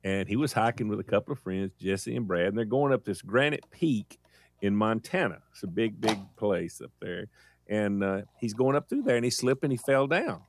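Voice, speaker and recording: A man co-hosting a morning radio show, teasing his co-host and telling a news story in a relaxed way with fillers. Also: fairly low pitch, moderate pace.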